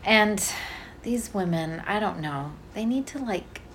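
A woman in her thirties co-hosting a podcast, chatting and telling stories in a gossipy, animated way. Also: mid-range voice, measured pace, a little hiss or hum. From Northern California. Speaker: podcast co-host. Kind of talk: casual chat.

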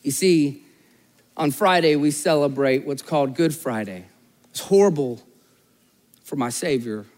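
A man pastor preaching a sermon, telling stories and acting out the people in them, rising high in the anecdotes and dropping soft in the appeals. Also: measured pace, long pauses, long reverb tail. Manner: storytelling, voices characters in anecdotes; animated, rises high and loud in stories, drops low and soft for appeals.

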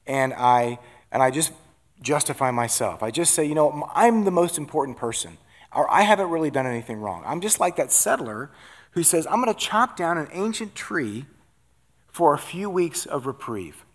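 Delivering his sermon in a conversational style, a pastor with a medium-pitched voice keeps asking "right?" to check in with the congregation.

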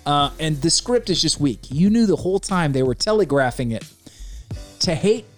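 A man's voice: on the high side, expressive, moderate pace, faint music behind. A man co-hosting a casual chat, ranting animatedly and exasperated, often mocking lines in quoted voices. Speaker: podcast co-host reviewing a film.

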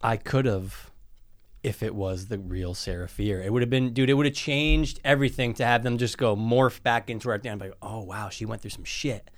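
Blunt guy on a movie podcast, swears a lot, normal pitched voice. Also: fairly quick. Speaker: podcast co-host. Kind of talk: casual movie review chat.

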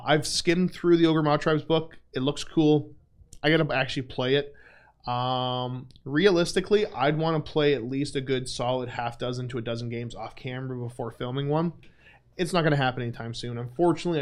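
Young male stream host, casual Q&A, self-deprecating, filler-heavy. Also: mid-range voice. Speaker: livestream host. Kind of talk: casual livestream Q&A chat.

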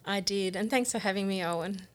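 A woman's voice: medium pitch, a little fast. A woman who is a guest in a studio interview, speaking in an upbeat, encouraging way.

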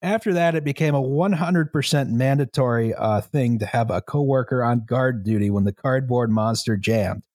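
A man's voice: mid-range voice, darkish tone, no room sound. Man reading a story aloud, dry mic. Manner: measured storytelling, breaks into laughter. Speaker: story reader.

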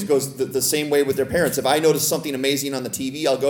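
A man preaching a sermon as pastor, playful and teasing with gentle humor. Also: medium pitch, level tone, very fast, hardly any pauses. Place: church sanctuary. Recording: echoey church room.

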